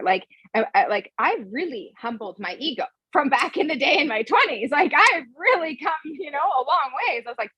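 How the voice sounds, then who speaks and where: A woman's voice: high voice, very animated, normal speed, hardly any pauses, bright, forceful tone, no room sound, low-quality recording. A woman coach talking frankly and emphatically as a podcast guest, swearing freely as she tells her story. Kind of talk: casual podcast conversation.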